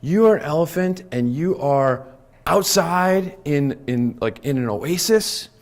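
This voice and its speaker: A man giving a lively talk to a live conference audience, often checking in with "right?" and "okay?". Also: on the high side, unhurried. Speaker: conference speaker.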